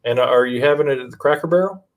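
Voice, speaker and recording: A man's voice: medium pitch, quick pace. A man being interviewed as an author, chatting casually and cracking playful jokes. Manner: joking, playful banter. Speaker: author guest.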